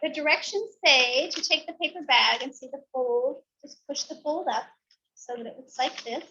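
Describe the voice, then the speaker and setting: A woman teacher reading a picture book aloud to young children, drawing out her words in an animated storytelling way. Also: high voice, normal speed. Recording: dull lo-fi recording.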